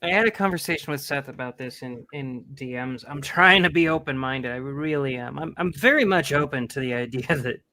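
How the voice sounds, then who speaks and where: A man's voice: mid-range voice, a little fast, few pauses, pushed and bright. A drunk man co-hosting a casual podcast chat, blunt, profane and wry. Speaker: podcast co-host.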